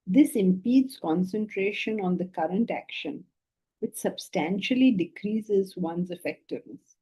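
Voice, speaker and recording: A woman spiritual teacher giving a philosophy lecture with stories, animated and asking rhetorical questions. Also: medium pitch, a little slow, husky, rough recording.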